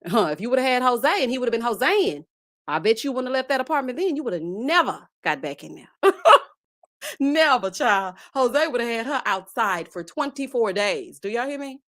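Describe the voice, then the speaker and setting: A woman hosting a casual reality TV recap, sassy and animated, calling her viewers child and baby and breaking into laughs. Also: normal speed, dry recording, studio quality. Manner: bursts into high laughs. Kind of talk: casual chat.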